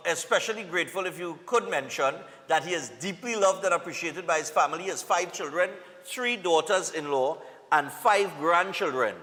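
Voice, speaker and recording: A man's voice: a little high, pushed and bright, long reverb tail. A Trinidadian man hosting a live morning TV show, reading birthday and anniversary greetings in a casual, upbeat way with local slang. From Trinidad and Tobago.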